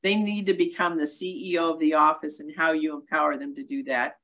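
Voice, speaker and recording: A middle-aged woman coaching on a webinar, quick and emphatic in her delivery. Her voice sits fairly low, with a bright, forceful edge. She jokes about herself between her points. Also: fairly even intonation. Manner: brisk, emphatic, self-deprecating coaching talk. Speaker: real estate coach. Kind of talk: webinar presentation.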